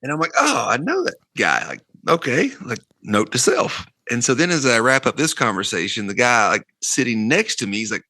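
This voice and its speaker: A man's voice: mid-range voice, brisk, gravelly, hardly any pauses, dry recording. A man co-hosting a podcast, telling stories in a casual chat and acting out the lines of the people he quotes. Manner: animated, acts out quoted dialogue. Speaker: podcast co-host.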